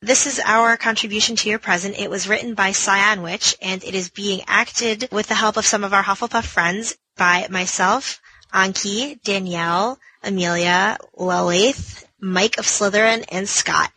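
A woman's voice: mid-range voice, steady tone, measured pace, bright, forceful tone, husky, poor audio. A woman reading out a friendly birthday dedication on behalf of her group, listing the cast. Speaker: presenter of a group gift.

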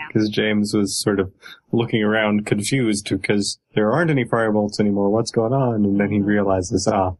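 Man, lowish voice, easygoing chat, pauses to find words. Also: rough recording. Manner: relaxed, hesitant with fillers. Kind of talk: casual chat.

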